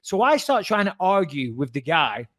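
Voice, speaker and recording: A man co-hosting a podcast, telling a story in a casual, animated way, swearing freely and acting out the voices of the people he quotes. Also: a little high, normal speed, no room sound. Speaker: podcast co-host.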